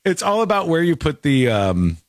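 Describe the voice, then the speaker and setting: Animated ranting male commentator. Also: on the high side, moderate pace, no echo, studio quality. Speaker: show host. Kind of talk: opinionated commentary.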